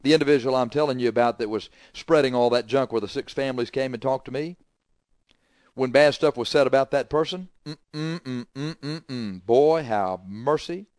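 A male preacher delivers a scolding sermon in a middle-pitched voice. He drives points home with loud bursts, then drops into quiet asides. The sound is close and dry. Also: fairly quick, no room sound.

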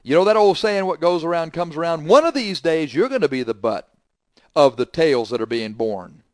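A man preaching a sermon, scolding forcefully and swinging between loud emphasis and quiet asides. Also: on the high side, lively intonation, normal speed, no echo.

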